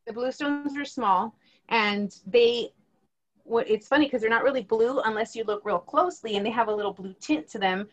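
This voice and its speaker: An American woman shares facts in a relaxed podcast chat. She is talkative and laughs a lot, and her voice sits on the higher side. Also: moderate pace. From United States. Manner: laughs often, chatty.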